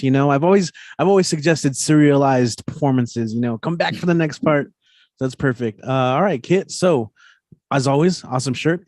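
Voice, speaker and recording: A man's voice: mid-range voice, darkish tone, no room sound, clean studio sound. A man hosting an online open mic who chats casually and encourages the performers over a video call. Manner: upbeat, encouraging. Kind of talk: casual chat.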